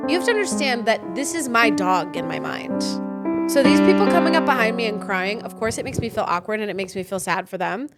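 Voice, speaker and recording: A woman co-hosting a podcast tells stories in casual chat, talking fast in a mid-range voice with loud music behind her. She's animated, acts out quotes, and breaks into silly sung bits.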